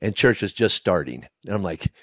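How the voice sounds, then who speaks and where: A middle-aged man, a pastor, telling his story in a candid interview, halting with many restarts. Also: low-pitched, lively intonation, no room sound, clean studio sound. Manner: emotional, halting, with many restarts and quoted asides. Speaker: lead pastor.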